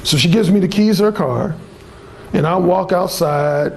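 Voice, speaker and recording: A man's voice: sits high, normal speed, gravelly, a little mellow, a little hiss or hum. An older man telling a crude, swaggering story in a blunt, casual way as a dating coach.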